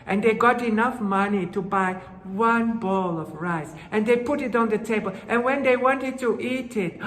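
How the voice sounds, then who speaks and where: A woman telling a folktale to children, dramatic and slow, with gasps and hushed asides. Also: a little high. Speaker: storyteller. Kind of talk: children's storytelling. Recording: roomy hall with long reverb.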